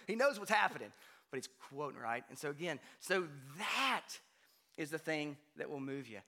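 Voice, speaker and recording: A man preaching a sermon in a conversational way, often checking in with "right?" and swinging from hushed to loud. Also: a little high, moderate pace. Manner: conversational, frequent "right?" asides, animated swings from quiet to loud. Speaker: pastor.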